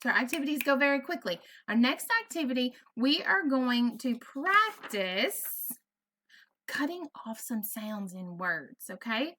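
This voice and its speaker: A woman with a Southern US accent leads a first grade phonics lesson. Her voice is bright and fairly high, and she talks slowly, stretching each sound of a word for young listeners. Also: animated. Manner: slow, exaggerated sounding out of words for children. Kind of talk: virtual classroom lesson.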